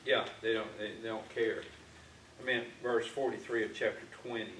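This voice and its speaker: A man's voice: fairly low pitch, level tone, normal speed, fairly bright tone. A man teaching an informal Bible class in a church classroom, talking conversationally with frequent fillers and restarts. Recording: echoey room, distant mic, faint noise.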